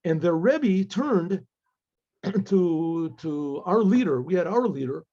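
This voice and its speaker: A rabbi tells a story in a husky, high-pitched male voice with a mellow edge. He talks in a halting way, stops to explain words, and restarts often. The recording sounds dull and lo-fi. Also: animated. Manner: halting, many restarts and asides. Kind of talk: storytelling talk.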